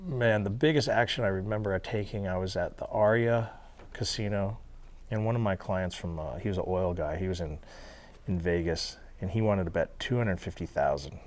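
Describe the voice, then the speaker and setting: A man being interviewed, telling animated stories with casual swearing and laughter. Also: low-pitched, moderate pace. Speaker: interview guest. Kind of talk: storytelling interview. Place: federal halfway house.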